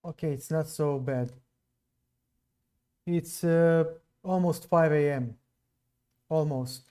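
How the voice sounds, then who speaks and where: Male chess streamer from Serbia, non-native English accent, slow unhurried delivery, soft dark tone. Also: fairly high pitch, clean tone. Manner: slow, musing, chats with viewers between moves. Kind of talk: live stream commentary while playing.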